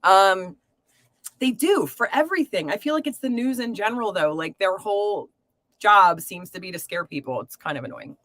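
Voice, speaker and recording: A woman's voice: mid-range voice, animated, moderate pace, no room sound. A woman hosting a live tarot reading stream, talking casually to viewers with lots of fillers and pet names. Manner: chatty, warm to viewers, filler-heavy.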